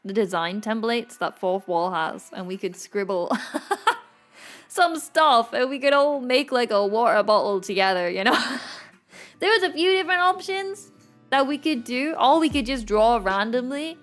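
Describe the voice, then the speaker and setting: A woman's voice: a little high, animated, a little slow. A young woman, chatting casually with her stream viewers and laughing often between lines. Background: faint music.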